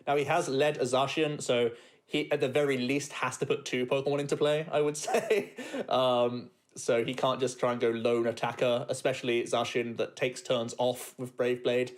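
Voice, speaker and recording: A man with a mid-range voice co-commentates a competitive card game. He sounds relaxed and laughs lightly as he breaks down each play. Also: mid-range voice, normal speed. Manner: relaxed, chuckles often while explaining.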